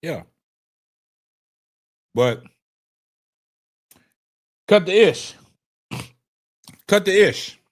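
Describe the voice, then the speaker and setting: A man hosting a casual sports call-in livestream, speaking in a loose style, animated and repetitive, hoarse and choked up, answering the chat as he goes. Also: high-pitched, extremely slow, pauses often. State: choked up, coughing. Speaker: livestream sports show host.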